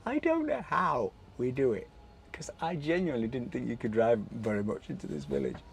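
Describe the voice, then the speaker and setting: A man with a mid-range, gravelly voice hosts a travel vlog, talking in a brisk, sing-song way with a faint hiss or hum behind him. He drives a small electric car through village streets and chats enthusiastically about the scenery as casual travel commentary.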